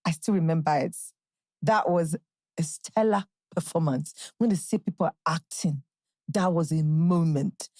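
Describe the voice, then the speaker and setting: A woman's voice: sits low, unhurried, a little mellow, no room sound. Chatty Nigerian woman podcast host. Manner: chatty, bubbly, jumps into playful quotes and impressions. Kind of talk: casual solo podcast chat.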